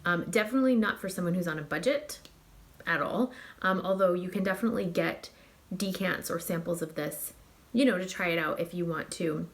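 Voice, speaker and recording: A woman's voice: on the low side, a little fast. A young woman reviewing perfumes in a casual, gushing, filler-heavy chat. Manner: gushing and chatty, many fillers and likes. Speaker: fragrance reviewer.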